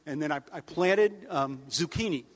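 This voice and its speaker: Guy with a pretty high voice doing a dry rambling comic speech, big hall echo. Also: normal speed. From United States. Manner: deadpan, wry, rambling asides with mock-outraged jumps in pitch. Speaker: humorist giving a speech. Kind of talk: stand-up style speech to an audience. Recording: long hall reverb.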